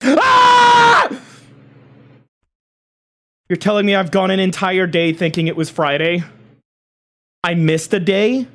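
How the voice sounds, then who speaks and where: A streamer chatting live with viewers, hyper and shouty, swearing a lot and bursting into yells. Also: medium pitch, normal speed.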